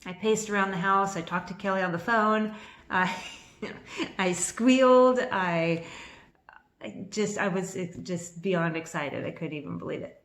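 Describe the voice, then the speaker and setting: Excitable rambling woman in her fifties. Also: mid-range voice, unhurried. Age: 50s. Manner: excitable and rambling, with restarts and laughter; a little nervous on camera. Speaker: vlogger. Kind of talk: casual storytelling to camera. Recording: echoey room.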